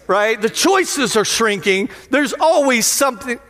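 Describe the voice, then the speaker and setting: A man pastor preaching a lively, playful sermon in a church sanctuary, often putting questions to the crowd. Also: extremely high pitch, unhurried, hardly any pauses. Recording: long hall reverb of a sanctuary.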